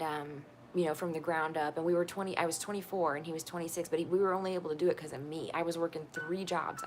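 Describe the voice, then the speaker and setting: A woman's voice: on the low side, vocal fry, a little hiss or hum. A woman telling her own story in casual talk, candid and profane, often laughing.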